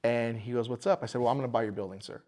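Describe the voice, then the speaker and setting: A man's voice: mid-range voice, fairly even intonation, very fast, darkish tone. A man, a bar owner, telling the story of buying his building in a casual podcast interview, acting out the voices of the people in it.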